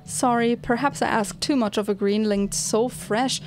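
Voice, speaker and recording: A woman voicing a gentle, caring plant-folk mentor in a video game, reading in a soft, measured, reassuring way. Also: a little high, fairly even intonation, close to an everyday voice.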